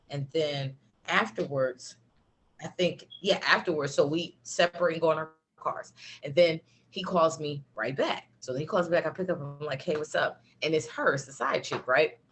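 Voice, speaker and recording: A woman telling a personal story in a casual chat, animated, laughing, with lots of fillers. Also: low-pitched, a little hiss or hum. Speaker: guest.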